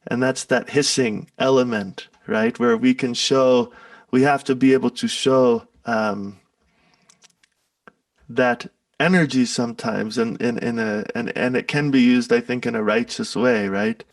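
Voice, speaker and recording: A man, a musician, talking in a relaxed, rambling way, reflecting and telling a parable. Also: mid-range voice, unhurried, vocal fry, dry recording, distant mic. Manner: relaxed, rambling, laughs often. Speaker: musician guest. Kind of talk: casual spoken reflection and storytelling.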